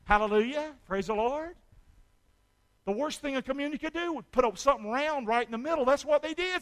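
High bright-voiced preacher. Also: male voice, brisk. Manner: animated, calls for amens, swings from shouting to hushed asides. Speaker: pastor. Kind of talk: sermon.

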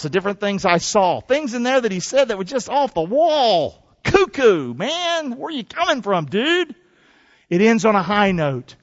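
A man preaching a sermon as pastor, energetic and folksy, calling on the congregation to answer and repeat after him. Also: high voice. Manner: energetic, call-and-response preaching with folksy asides. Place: church. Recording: dull lo-fi church recording with long reverb.

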